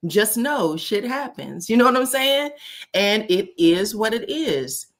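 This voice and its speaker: Animated woman telling stories on a live stream. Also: medium pitch, a little slow. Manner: animated, laughs often, acts out quotes in a raised voice. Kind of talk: casual storytelling on a live stream.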